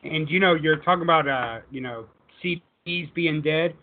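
Upbeat higher-voiced co-host on a thin line. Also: male voice, normal speed. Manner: upbeat, plugging merchandise. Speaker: podcast co-host. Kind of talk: casual chat. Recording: tinny phone-like audio.

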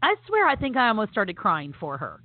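A woman's voice: medium pitch, huge pitch swings, fairly quick, no room sound. A woman co-hosting a casual podcast chat, talking with enthusiasm and emphasis, with many fillers. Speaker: podcast co-host. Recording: phone-like audio with faint noise.

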